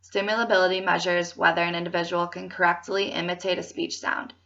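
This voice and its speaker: A woman clinician speaking slowly and distinctly, giving prompts for a child to repeat and then narrating. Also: lowish voice, level tone, gravelly, fairly bright tone. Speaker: speech clinician giving a test. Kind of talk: slow, clear test prompts and narration. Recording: muffled, distant lo-fi recording.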